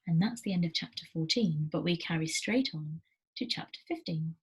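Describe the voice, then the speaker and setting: A teacher reading a novel aloud to her class in a steady storytelling manner, with small slips. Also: lowish voice, moderate pace, slight background noise, rough recording.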